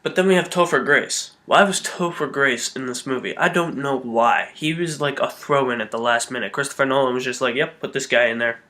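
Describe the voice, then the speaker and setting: A man's voice: mid-range voice, fairly quick, few pauses, pushed and bright. A man giving a blunt, opinionated movie review in a casual manner, swearing now and then. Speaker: film reviewer.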